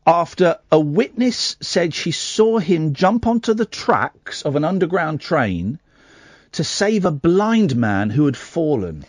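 A man's voice: a little high, no echo. A man hosting late-night radio, chatting and reading out a news story with asides and self-corrections. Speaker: radio host. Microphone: studio microphone.

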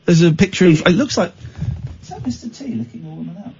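A man's voice: high-pitched, animated, darkish tone, muffled recording, slight background noise. A man hosting a late-night radio phone-in, teasing and incredulous with his callers. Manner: incredulous, teasing, quick to mock. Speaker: radio host.

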